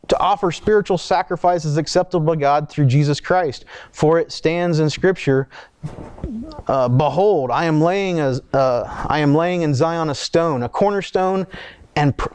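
A man preaches with a slightly high voice, talking to the congregation in a relaxed, conversational way. He reads scripture aloud, breaks off into asides and restarts his sentences as he goes. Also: no echo. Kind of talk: sermon.

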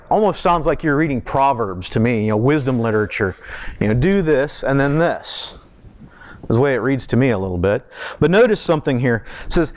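A man preaching a sermon in a church, talking conversationally, asking the congregation questions and slowing down to stress key words. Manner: slows down and lifts pitch for emphasis. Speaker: pastor.

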